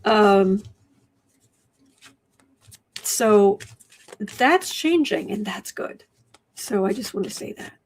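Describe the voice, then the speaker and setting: A woman hosting a casual livestream at her desk, reading viewer comments aloud and often dropping into soft asides. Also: mid-range voice, lively intonation. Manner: slow, drops to soft asides and whispers. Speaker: livestream host reading chat. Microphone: desk microphone.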